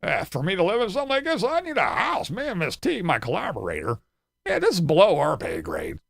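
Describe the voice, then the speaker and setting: A man's voice: huge pitch swings, a little fast, creaky, full character voice. A man doing a whiny, smug braggart. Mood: mocking smug. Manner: high, sing-song mocking falsetto.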